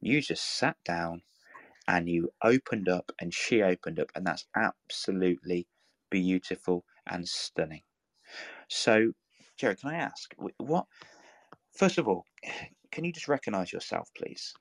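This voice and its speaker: A man's voice: low voice, expressive, unhurried, no room sound. A man giving earnest, encouraging talk in a live audio room, coaxing and repeating himself as he builds his points. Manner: earnest, repetitive, coaxing, full of restarts.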